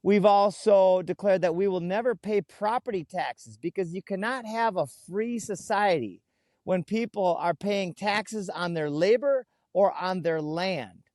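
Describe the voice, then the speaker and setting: A man's voice: sits high, a little mellow, no echo. Earnest man telling stories, dry sound. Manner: earnest storyteller, slows down to stress key words. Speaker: guest. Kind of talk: conversational interview. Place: outdoors in a food forest.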